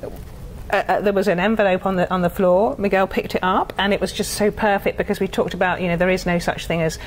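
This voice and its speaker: A woman interviewing a friend in casual chat, quick and affirming, often agreeing along. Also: medium pitch, steady tone, a little hiss or hum, poor audio.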